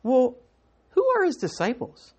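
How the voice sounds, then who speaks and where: A woman's voice: high-pitched, huge pitch swings, a little slow, darkish tone, slightly rough. A woman preaching a sermon in church, teaching in a conversational way and putting questions to the congregation.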